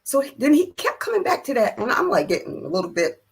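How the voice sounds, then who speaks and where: An older woman, a guest on an interview show, telling a personal story in an animated way, acting out the quoted lines of other people with laughs and emphasis. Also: high-pitched, fairly quick, creaky, slightly rough.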